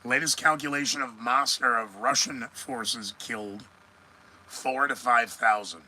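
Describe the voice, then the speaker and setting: A man's voice: mid-range voice, unhurried, bright, forceful tone, poor audio. A man hosting a solo news commentary podcast, sarcastic and rambling, often answering his own remarks. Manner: sarcastic, rambling, talks back to himself. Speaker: podcast host.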